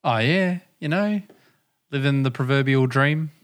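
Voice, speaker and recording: A young man hosting a casual music podcast, chatty and animated, swearing and laughing easily. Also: mid-range voice, a little slow, clean tone. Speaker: podcast host.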